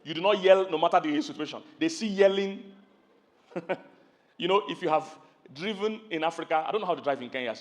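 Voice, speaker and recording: A middle-aged Nigerian man preaches with a high, lively voice. He tells animated stories, calls questions out to his listeners and acts out loud voices as he goes. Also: fairly quick. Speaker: pastor. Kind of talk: sermon.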